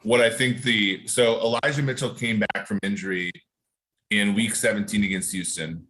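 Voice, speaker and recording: A man co-hosting a football podcast, briskly reading out statistics in casual chat. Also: on the low side, steady tone, pushed and bright, low-quality recording. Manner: brisk, reads out stats. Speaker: football analyst co-host.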